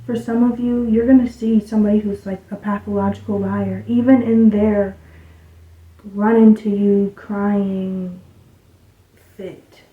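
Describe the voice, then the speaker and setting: A woman giving a casual spiritual card reading, rambling loosely and dropping into soft muttered asides. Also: mid-range voice, flat delivery, unhurried. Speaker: tarot reader. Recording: tinny, phone-like sound in an echoey room.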